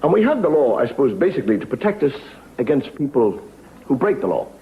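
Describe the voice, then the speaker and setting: A man doing a stand-up monologue with wry, deadpan storytelling in a TV studio. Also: mid-range voice, quick pace. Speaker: comedian. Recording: dull lo-fi TV recording with faint hiss.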